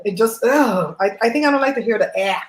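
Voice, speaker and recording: A woman hosting a livestream, chatting and telling stories in an animated way while eating at home on a laptop mic. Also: a little high, fast, echoey room, low-quality recording. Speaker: host.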